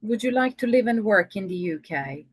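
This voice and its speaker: A woman's voice: medium pitch, lively intonation, moderate pace. A woman teaching English in a video-call conversation lesson, patient and encouraging.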